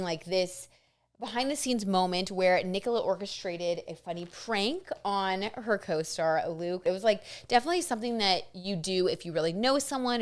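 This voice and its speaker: A woman vlogger and tarot reader chatting excitedly to camera, full of asides and "like". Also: mid-range voice, clear, resonant tone. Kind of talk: casual gossip chat to camera.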